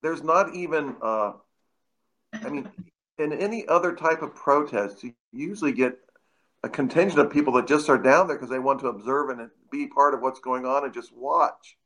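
A man calling in to a talk show, commenting haltingly and stumbling over his words. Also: mid-range voice, bright, forceful tone, low-quality recording.

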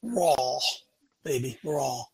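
A man's voice: medium pitch, very animated, extremely slow, vocal fry, mellow, breathy edge, rough recording. A man hosting a talk show, preaching in a blunt, emphatic way and repeating lines for punch. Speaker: show host.

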